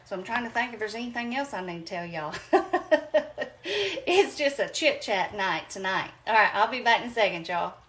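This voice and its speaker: A woman's voice: medium pitch, expressive, normal speed, a bit bright. A woman chatting folksily with viewers as she cooks at home, calling them y'all. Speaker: home cooking vlogger. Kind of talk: casual chat while cooking. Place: home kitchen.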